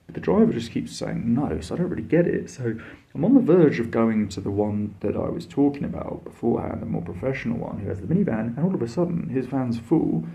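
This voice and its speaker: A man's voice: medium pitch, animated, a little fast, vocal fry, warm tone, lo-fi sound. A man tells a travel story in a casual, blunt and sweary way, full of fillers and exasperation. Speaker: travel vlogger.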